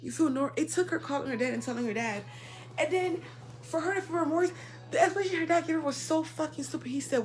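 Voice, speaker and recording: A young woman telling a personal story in a casual, indignant rant, swinging between loud outbursts and quiet asides. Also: high-pitched, fast talker. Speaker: storyteller vlogger.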